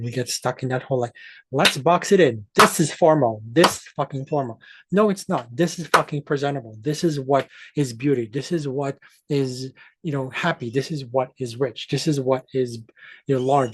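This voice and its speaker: A man's voice: mid-range voice, a little mellow, husky, no room sound. A man hosting an astrology channel, ranting to his viewers in an emphatic, profane way and often restarting mid-sentence. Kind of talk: ranting monologue to camera.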